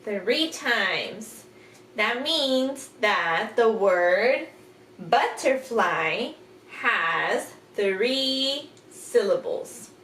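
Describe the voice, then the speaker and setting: Woman, kindergarten teacher; very slow, drawn-out delivery, a touch high, recorded off-mic in an echoey room. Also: lively intonation, fairly bright tone, distant mic. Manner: slow, drawn-out, exaggerated sounding-out of letters and words; patient, encouraging teacher talk with questions to the listener. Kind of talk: recorded phonics lesson for young children. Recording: echoey room, off-mic, faint background hiss.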